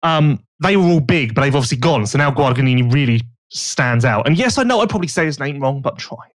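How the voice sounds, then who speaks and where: A man's voice: medium pitch, expressive, quick pace. A man co-hosting a podcast, chatting casually and teasingly about motocross racing, rambling with restarts. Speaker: podcast co-host.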